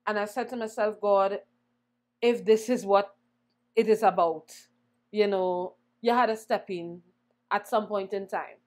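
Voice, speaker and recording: A young woman singer, a guest in an interview, telling her story in an animated way and acting out the voices she quotes. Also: mid-range voice, measured pace. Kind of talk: conversational storytelling.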